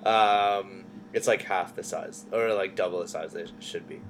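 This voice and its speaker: A man, co-hosting a podcast in relaxed, casual chat with short quips. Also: low-pitched, unhurried, a little hiss or hum. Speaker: podcast co-host.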